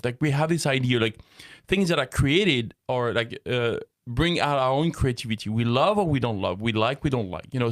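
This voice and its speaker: A man's voice: mid-range voice, no echo. Chatty man with a dry close sound. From France. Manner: laughs often, loses his thread, chatty. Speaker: co-host. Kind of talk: casual faith talk show chat.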